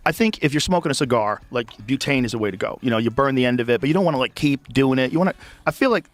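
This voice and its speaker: Fast, emphatic man in casual chat. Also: mid-range voice, no room sound. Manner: animated, emphatic, repeats himself.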